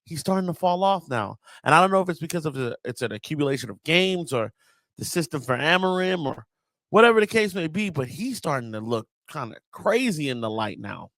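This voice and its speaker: A man's voice: on the high side, very animated, a little fast, fairly bright tone, no room sound. A man with a Southern US accent hosting a casual football reaction, exasperated and slangy, repeating words for emphasis. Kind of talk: casual fan rant.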